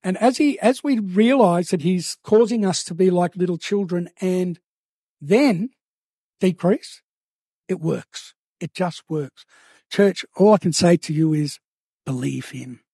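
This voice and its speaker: A man preaching a sermon to a church, earnest and drawing out key phrases slowly for emphasis. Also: sits high, warm tone, husky, no echo, clean studio sound.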